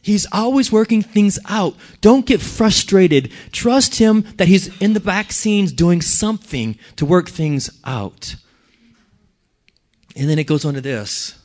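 A man preaching a conversational sermon in a church, telling stories and putting questions to the congregation in an animated way. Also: sits high, a little slow.

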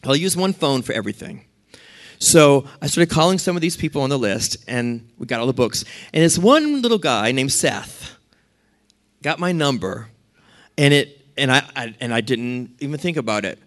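A pastor preaching a sermon, telling stories in a lively way and acting out what other people said. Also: male voice, mid-range voice, a little fast. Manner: storytelling with lively asides and acted-out quotes.

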